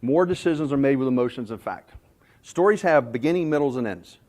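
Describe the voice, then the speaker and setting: A man from North Carolina presenting to a sales audience. He talks in a folksy storytelling way, weaving anecdotes into his points. His voice sits at an ordinary middle pitch. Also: expressive, brisk, a little mellow. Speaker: sales trainer. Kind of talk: conference presentation.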